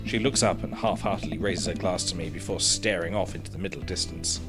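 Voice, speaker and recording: A man commentating a dating game, reading its text aloud with sarcastic, animated asides, his throat hoarse. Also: low voice, a little fast, over music. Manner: animated, sarcastic, swears freely. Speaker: gaming streamer.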